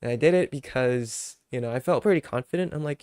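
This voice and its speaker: A man's voice: mid-range voice, a little mellow, smooth, dry recording, clean studio sound. Laid-back rambling streamer man. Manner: laid-back, rambling, many fillers, quick to laugh. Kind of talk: casual chat.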